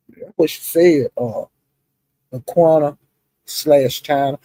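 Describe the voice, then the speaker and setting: A woman's voice: low-pitched, takes it slowly, pauses often, dark tone, no room sound. A woman hosting a live stream, chatting casually about online drama, greeting viewers by name and calling them honey and child. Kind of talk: casual gossip commentary. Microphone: streaming setup.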